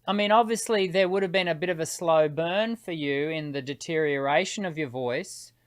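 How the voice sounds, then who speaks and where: A man hosting an interview as a voice teacher, speaking haltingly and repeating words as he starts his sentences. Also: on the high side, smooth. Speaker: host, voice teacher. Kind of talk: casual interview questions.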